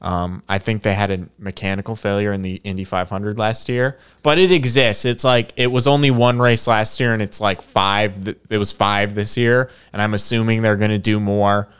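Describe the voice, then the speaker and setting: A man's voice: lowish voice, steady tone, moderate pace, few pauses, a bit bright, clear, resonant tone. A young man with a Michigan accent, co-hosting a casual podcast. He talks bluntly, swears casually, and rambles with hesitant ums. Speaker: podcast co-host.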